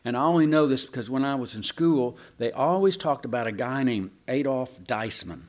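A man preaching a sermon in a folksy, animated way, with sarcastic asides to the congregation. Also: medium pitch, moderate pace. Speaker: pastor.

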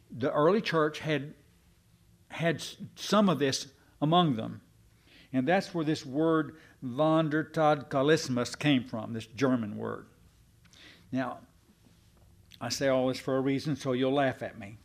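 Slow folksy preacher man. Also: medium pitch. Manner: folksy, self-deprecating, slow deliberate preaching. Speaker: pastor. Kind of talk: sermon.

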